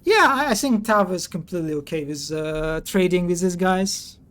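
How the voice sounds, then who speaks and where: A man's voice: high voice, expressive, moderate pace, fairly bright tone. A man streaming a story game live, chatting casually and hesitantly as he thinks aloud about his choices. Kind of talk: live game playthrough, reading dialogue aloud.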